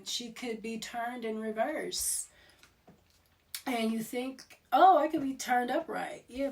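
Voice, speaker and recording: A woman giving a casual tarot reading, talking in a rambling, digressive way. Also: on the high side. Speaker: tarot reader. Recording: voice distant from the mic.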